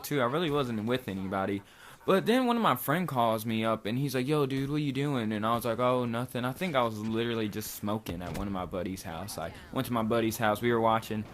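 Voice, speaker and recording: A young man from Kentucky, a vlogger with a mid-range, fairly bright voice, casually tells a long, rambling story. His speech is loose and full of slang and filler words, with plenty of "like" and "dude."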